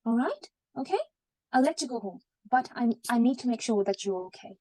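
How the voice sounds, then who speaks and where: A woman playing a gentle reassuring doctor. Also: a little high, lively intonation, fairly quick, no echo. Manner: gentle, reassuring, many okays. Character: calm junior woman doctor at a clinic.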